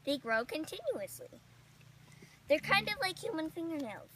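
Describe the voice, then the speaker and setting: A woman's voice: sits high, sing-song, moderate pace, a bit bright, slight background noise. A woman playing an eager female flying squirrel teacher at a rodent school, sing-song and encouraging, repeating her praise in an amateur comedic role-play. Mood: instructive.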